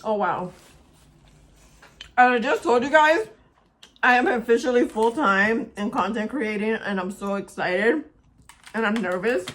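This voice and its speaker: Young woman, beauty vlogger, bright higher voice, chatty, eats while talking, casual home recording. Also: unhurried, pauses often. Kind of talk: casual chat to camera. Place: indoors at home by a window.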